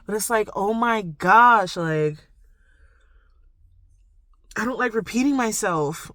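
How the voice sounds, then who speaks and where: A woman's voice: medium pitch, animated, slow pace, fairly bright tone, no room sound. Woman vlogger, casual confessional talk, mid-range voice, dry close sound, meandering and reflective. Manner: rambling, full of "like" and "you know", reflective. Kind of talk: confessional casual monologue to camera.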